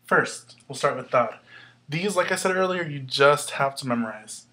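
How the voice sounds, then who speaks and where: A man teaching a language lesson at a board, explaining patiently in a casual way, with fillers and quick self-corrections. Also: medium pitch, lively intonation, pushed and bright, slight background noise. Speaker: Spanish teacher.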